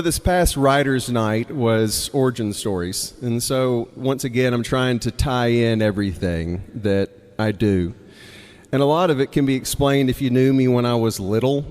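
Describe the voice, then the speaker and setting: At a live storytelling night, a young Mississippi man spins a tale in his Southern accent, speaking casually and laughing between lines. His mid-pitched, slightly mellow voice trails a long reverb from the hall.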